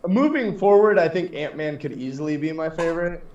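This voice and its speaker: A man's voice: on the high side, expressive, brisk, darkish tone. A man co-hosting a podcast, laid-back as he steers a casual chat. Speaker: podcast co-host. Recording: roomy, distant and dull lo-fi sound.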